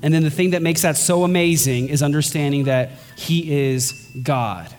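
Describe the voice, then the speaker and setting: A pastor preaching a sermon, earnest and emphatic, his voice climbing higher on key points. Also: normal speed, darkish tone. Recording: long hall reverb with faint music.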